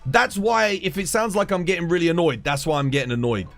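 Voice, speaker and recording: A man's voice: fairly high pitch, quick pace, a bit bright, soft background music. A British man streaming live, ranting in a heated, casual way, swearing often and calling his listeners "dude". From United Kingdom. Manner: heated, swears a lot, keeps saying "dude".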